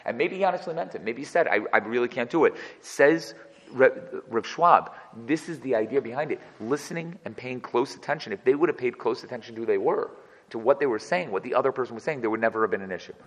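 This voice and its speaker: A man's voice: mid-range voice, animated, fast, fairly bright tone, long reverb tail, rough recording. A man teaching a text study class as its teacher. He reads verses and then translates and explains each one. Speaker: Torah teacher.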